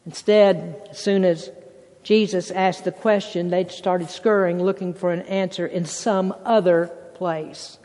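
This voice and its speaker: A preacher delivering a sermon, emphatic, quoting scripture and swinging between loud bursts and hushed passages. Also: medium pitch, fairly even intonation, unhurried, in a large hall. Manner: quotes scripture and acts out voices.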